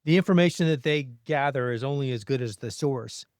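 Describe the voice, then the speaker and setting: A man's voice: mid-range voice, brisk, a little mellow, no room sound, clean studio sound. A man hosting a podcast, chatting casually and animatedly about his garden. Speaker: podcast host.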